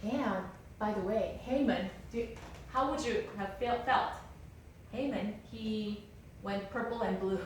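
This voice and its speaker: A woman teaches a Bible class and retells the story with lively, chatty energy. She is recorded from a distance in a very echoey lecture room, with a faint hiss beneath. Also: mid-range voice, slow. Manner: animated, conversational, fillers of "like". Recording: roomy lecture hall, distant mic.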